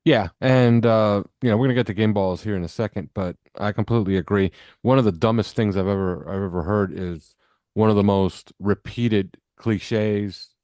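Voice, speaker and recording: A man's voice: fairly low pitch, fairly even intonation, moderate pace, a little mellow, no room sound, studio quality. A man from New Jersey co-hosting a sports podcast, giving blunt, emphatic opinions in casual chat.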